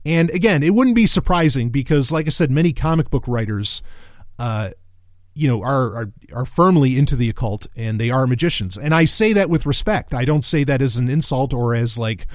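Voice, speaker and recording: Excitable guy rambling a review, swears a lot, mid voice, dry close sound. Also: mid-range voice, normal speed, no room sound. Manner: excitable, profane, rambling with frequent restarts and laughs. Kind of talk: casual review monologue.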